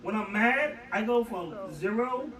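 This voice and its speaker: A man with a high voice tells lively, profane stories on a talk radio show, laughing as he goes. He sounds distant from the mic in an echoey room. A crowd murmurs behind him. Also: a little slow. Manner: animated, profane storytelling with laughter. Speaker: radio show co-host and engineer. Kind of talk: casual storytelling chat.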